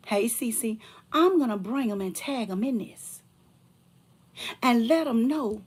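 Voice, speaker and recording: Husky woman in a confrontational rant. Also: on the high side, lively intonation, takes it slowly, long pauses. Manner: confrontational, swings between loud outbursts and hushed whispers; colloquial, repetitive, addresses viewers as y'all. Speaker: motivational speaker. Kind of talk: heated live-stream address to viewers.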